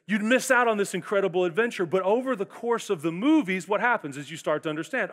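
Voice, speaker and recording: A man in his forties preaching a sermon as a pastor, telling stories in an animated way with quick bursts and acted-out quotes. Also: high voice. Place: large church auditorium. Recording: long church hall reverb.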